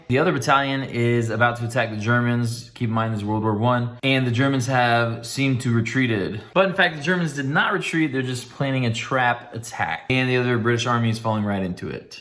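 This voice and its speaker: A man's voice: medium pitch, a bit bright. A man giving a casual spoken movie review in a laid-back, rambling way with wry asides.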